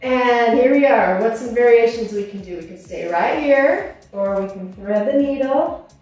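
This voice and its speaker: A woman's voice: on the high side, animated, moderate pace, darkish tone. A woman in her fifties leading a core workout, out of breath, encouraging and coaching through each exercise. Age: 50s. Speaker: fitness instructor. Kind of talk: workout instruction. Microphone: clip-on mic. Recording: echoey room, mic far off, music behind.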